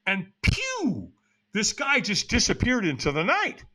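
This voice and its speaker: An American man in middle age tells a story as an interview guest, his pitch swinging widely as he builds the drama. His voice sits a little high and sounds bright and forceful. He acts out the lines of the people in his story. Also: moderate pace. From United States. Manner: animated, acts out other people's lines in a raised voice. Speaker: podcast guest.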